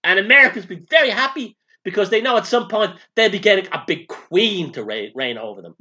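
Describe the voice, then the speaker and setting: A man's voice: high voice, expressive, fairly quick, sharp tone, highs cut off, full character voice. A man voicing a brash, flamboyant, foul-mouthed male showman spirit in a comic channeling sketch, talking in a camp, boastful way. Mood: preachy.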